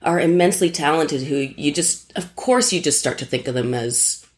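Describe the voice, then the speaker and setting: Woman stage actor, low register; candid, self-deprecating chat guest with a salty mouth. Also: moderate pace. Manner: candid, self-mocking, swears freely. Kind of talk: casual anecdote in conversation.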